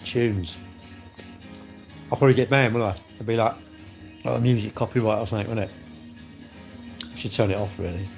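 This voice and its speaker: A man's voice: fairly low pitch, fairly even intonation, a little fast, vocal fry, long pauses. A man, chatting casually on a live stream and bantering with his viewers' comments. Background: faint music.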